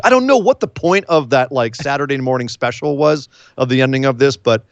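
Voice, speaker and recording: Animated man recapping wrestling. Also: mid-range voice, a little fast, few pauses, dry recording, highs cut off. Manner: animated, acts out quotes in voices. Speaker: podcast co-host. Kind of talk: casual wrestling recap chat.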